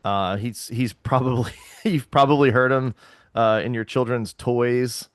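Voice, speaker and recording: A man co-hosting a casual podcast chat, relaxed, with lots of fillers and frequent laughs. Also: mid-range voice, unhurried, smooth, no room sound, clean studio sound. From Texas. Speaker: podcast co-host.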